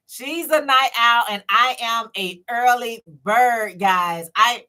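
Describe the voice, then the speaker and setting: A woman's voice: on the high side, slow pace, bright, forceful tone. A woman hosting her own live stream, chatting casually and repeating herself as she speaks straight to her viewers. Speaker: channel host.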